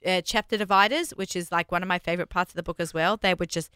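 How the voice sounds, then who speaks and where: A woman's voice: lowish voice, quick pace, smooth, no room sound. Chatty woman, dry close sound. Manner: chatty, animated storytelling with restarts. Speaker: cookbook author and co-host. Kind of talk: casual chat.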